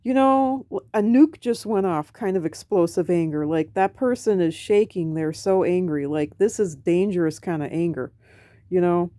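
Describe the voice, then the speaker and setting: A woman's voice: on the low side, normal speed, mellow, no room sound. An American woman vlogging in a casual late-night monologue to camera, rambling, self-mocking and profane. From United States. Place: home at night.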